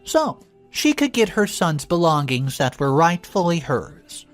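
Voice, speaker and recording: A woman telling a first-person story aloud, expressive, her voice jumping up for quoted lines. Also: sits low, a little slow, soft background music.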